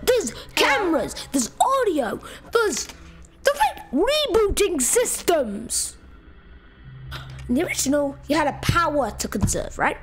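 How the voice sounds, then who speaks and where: A woman doing let's-play game commentary in an excitable, loud way, jumping between shouting and muttering. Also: sits high, unhurried, over music. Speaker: gamer.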